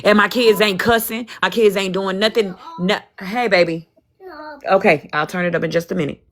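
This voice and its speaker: A woman's voice: mid-range voice, steady tone, moderate pace, fairly bright tone. A woman hosting a livestream and talking casually as a mother, ranting in a heated, defiant way and swearing freely.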